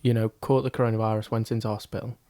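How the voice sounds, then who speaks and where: A man's voice: fairly low pitch, flat delivery, racing, warm tone, no room sound. A man co-hosting a podcast, chatting casually in a laid-back, joking, sweary way. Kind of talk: casual chat.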